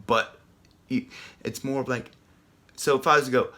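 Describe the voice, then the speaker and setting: A man teaching a casual singing lesson, chatty and rambling with many ums and restarts, breaking off to sing loud rock lines. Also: medium pitch, fairly even intonation, moderate pace. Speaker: vocal coach.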